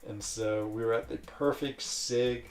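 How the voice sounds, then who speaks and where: A man's voice: medium pitch, steady tone, slow, recorded from a distance, faint music behind. A man casually chatting on a live stream, reading out and answering chat messages in a rambling way. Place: lives in a village in Switzerland.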